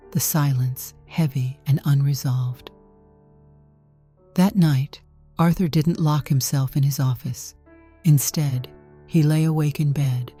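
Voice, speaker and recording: A woman narrating a story in a calm, measured way from a script. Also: low-pitched. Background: faint music.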